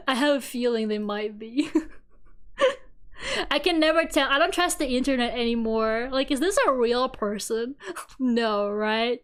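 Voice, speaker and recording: A young woman with a high, bright voice chats to her stream in an animated, rambling rant, swearing freely and laughing as she tells her story. Soft music plays quietly in the background. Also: measured pace, clean tone. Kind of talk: casual chat rant. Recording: faint music behind.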